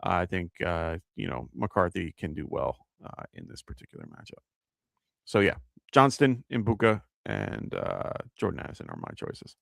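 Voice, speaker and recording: A man's voice: low voice, wildly swooping pitch, moderate pace, vocal fry, fairly bright tone, no room sound, clean studio sound. A man with a New York accent hosting a live fantasy football show, chatting casually, thinking aloud with fillers and reading out viewer questions. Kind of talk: live-stream fantasy advice chat.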